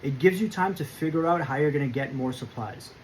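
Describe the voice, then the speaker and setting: A man hosting a prepping channel, delivering a scripted explainer monologue in a firm, emphatic, measured way. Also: fairly high pitch, slight background noise, low-quality recording.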